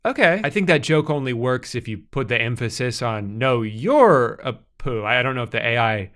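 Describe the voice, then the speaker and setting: A man's voice: medium pitch, brisk, bright, forceful tone, clear, resonant tone. A man hosting a scripted comedy commentary with a wry, sarcastic delivery.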